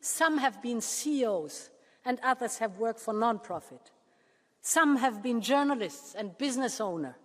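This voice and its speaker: A woman leader giving a formal prepared speech to a parliament. She speaks in a measured way and slows down with pauses to stress key words. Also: fairly high pitch. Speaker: political leader addressing a parliament. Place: large parliament chamber. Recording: long reverb of a large chamber.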